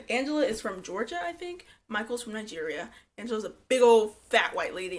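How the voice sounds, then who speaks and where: A woman giving a blunt, opinionated, gossipy casual review of a reality show. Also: mid-range voice. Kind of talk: casual commentary vlog.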